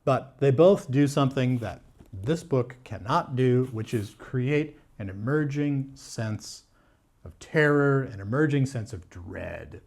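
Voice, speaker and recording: A man's voice: medium pitch, vocal fry, darkish tone. A man talking casually to camera as a book vlogger, candid and blunt, with frequent fillers, restarts and wry laughs. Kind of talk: casual book review talk.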